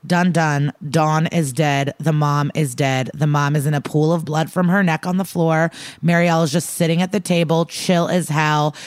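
A woman's voice: low voice, steady tone, moderate pace, dry recording, studio quality. A woman co-hosting a podcast, recapping a TV episode in casual chat, peppered with "like" and swearing. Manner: chatty, profane, lots of "like" and "um". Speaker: podcast co-host.

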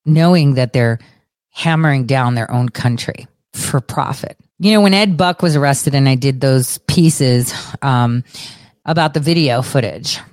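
A young woman giving a profane, sarcastic political rant in an animated, fast-shifting voice. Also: rumbling low, no room sound, clean studio sound. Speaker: political commentator. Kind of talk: ranting commentary.

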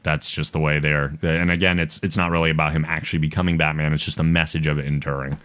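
A man with a very deep voice hosts a laid-back podcast. He talks in a relaxed, conversational way, breaks into a chuckle now and then, and reads listener mail aloud. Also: quick pace, smooth. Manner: relaxed, conversational, laughs between points. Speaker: podcast host. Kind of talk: casual podcast chat, reading listener email.

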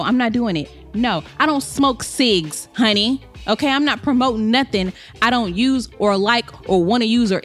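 A young woman hosts her podcast alone, sassy and emphatic. She keeps calling her listeners honey and babe. Her voice sits a little high, with faint music underneath. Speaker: podcast host. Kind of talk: casual solo podcast monologue.

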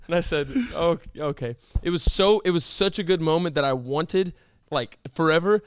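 A young man hosting a casual podcast, telling stories in an animated way and teasing his guest in loud, disbelieving bursts. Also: on the high side, moderate pace, clean tone, no room sound, studio quality. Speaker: podcast host. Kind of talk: casual chat.

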